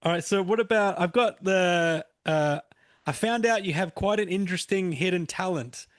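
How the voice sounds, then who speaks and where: A man's voice: high-pitched, normal speed, no room sound, clean studio sound. A man hosting a comedy podcast, chatting easily and backing his guest with short agreements and laughs. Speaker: podcast host. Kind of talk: casual chat.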